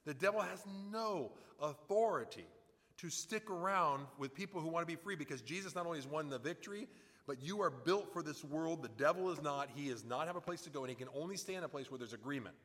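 A man's voice: fairly high pitch, animated, quick pace, fairly bright tone, in a large hall. A man preaching a sermon in a conversational way, often acting out the voices of people in his stories. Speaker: pastor.

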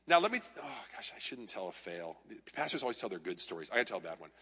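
A male pastor delivers a storytelling sermon, bright and forceful in tone. He shifts between lively anecdotes and gentle self-mockery. His voice carries a long reverb, as if heard in a large hall. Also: on the low side, quick pace, slightly rough.

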